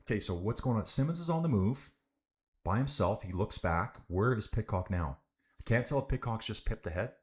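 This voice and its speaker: A young man with a lowish voice commentates a bike race live for his stream, talking a little fast. Loose and chatty, he calls his viewers guys and dude while following the riders and reading out comments.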